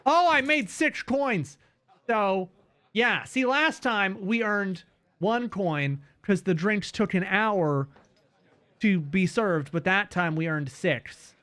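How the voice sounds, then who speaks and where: Young male streamer, high and bouncy, unhurried delivery, casual swearing. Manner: animated, swears, laughs often. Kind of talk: casual gameplay commentary.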